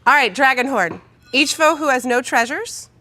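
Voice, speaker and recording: A woman's voice: sits high, lively intonation, moderate pace, pushed and bright. A woman joking and chatting as a guest player in a card game. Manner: joking, laughs often. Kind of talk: casual chat playing a card game.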